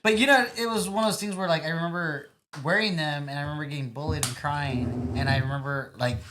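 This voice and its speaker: A man's voice: fairly high pitch, quick pace, noisy background. A man co-hosting a podcast, telling childhood stories in a casual, joking way with plenty of swearing. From Southern California. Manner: animated storyteller, swears and jokes. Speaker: podcast co-host. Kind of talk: casual chat.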